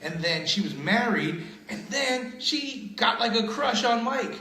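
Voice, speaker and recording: A man's voice: very high-pitched, lively intonation, measured pace, bright, forceful tone, echoey room, low-quality recording. A man who is a comedian and radio host, telling crude stories in casual chat and laughing often. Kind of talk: casual podcast chat, storytelling.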